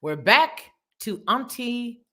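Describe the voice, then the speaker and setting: Woman host, live-stream commentary, playful, lots of laughing, bright voice, slow unhurried delivery. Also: on the high side, very animated. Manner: laughs often, playful, exclaiming.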